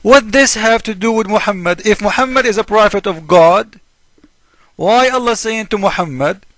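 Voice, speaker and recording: Man, fairly high voice, emphatic and mocking, broken English, dry close recording. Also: moderate pace, a bit bright, no echo. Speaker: video commentator. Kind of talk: casual polemic monologue.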